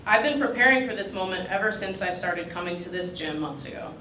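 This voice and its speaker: A woman's voice: mid-range voice, expressive, a little fast, pushed and bright. Woman reading a wry personal essay, roomy and distant. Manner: dry, wry delivery that draws audience laughter. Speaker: fellow reading her own essay. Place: reading at a writers' retreat with a live audience. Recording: roomy, distant mic with background noise.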